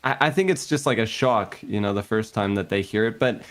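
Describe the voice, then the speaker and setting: A man with a fairly low voice chats casually with a friend on a stream. He rambles and pauses a lot, filling gaps with "like" and "uh". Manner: warm, rambling and full of fillers. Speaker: guest streamer. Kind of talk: casual chat.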